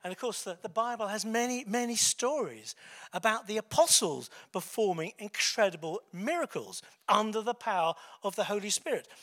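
A man delivers a sermon in a relaxed, conversational way, often pausing on fillers and correcting himself. His voice sits notably high for a man. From England. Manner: conversational, with fillers and self-corrections, chuckling asides. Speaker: preacher.

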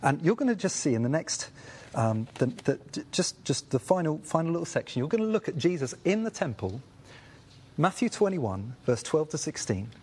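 Husky-voiced man teaching a Bible study. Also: fairly high pitch, normal speed. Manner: animated, acts out the voices of people in the story.

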